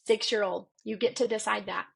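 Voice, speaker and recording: A woman in her thirties, a children's pastor and podcast guest, telling a parenting story in animated conversation. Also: fairly quick, vocal fry, husky, poor audio. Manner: animated storyteller who acts out dialogue with pitch jumps. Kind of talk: conversational faith interview.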